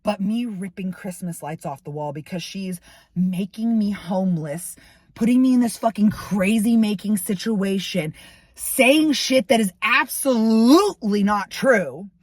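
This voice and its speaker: A woman's voice: medium pitch, animated, measured pace, a little mellow, no echo. A woman venting to camera, ranting in heated, profane bursts about a falling-out. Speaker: vlogger. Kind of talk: angry personal venting to camera.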